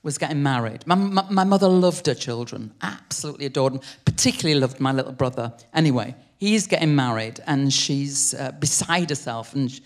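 An older woman, a writer telling an animated story on stage, acting out the voices of the people in it. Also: rumbling low, fairly quick, few pauses. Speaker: guest writer. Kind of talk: live on-stage interview storytelling. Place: theatre stage before a live audience.

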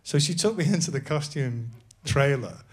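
Male guest, a touch high-pitched, self-mocking raconteur on a live show. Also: animated, normal speed. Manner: laughing storyteller, self-deprecating. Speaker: actor guest. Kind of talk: casual anecdote on a live comedy podcast.

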